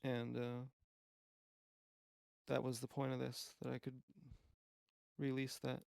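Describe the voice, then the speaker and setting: A man's voice: medium pitch, monotone, slow pace, vocal fry, a little mellow, clean tone, no room sound, studio quality. A man rambling through a meandering, profane, self-questioning monologue as a streamer.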